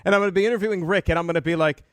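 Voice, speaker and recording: A man co-hosting sports talk radio, excitable, laughing often and riffing on a joke at length. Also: high voice, racing, clear, resonant tone, no echo, clean studio sound. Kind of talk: casual sports radio banter.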